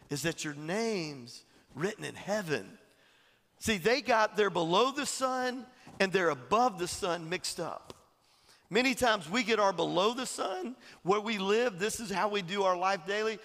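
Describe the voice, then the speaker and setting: A man preaches in a high, gravelly voice and tells his stories with lively, chuckling energy. His words ring with the long reverb of a large hall, as in a church sanctuary. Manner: animated storytelling, chuckling, acting out quotes. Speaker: pastor. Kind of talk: sermon.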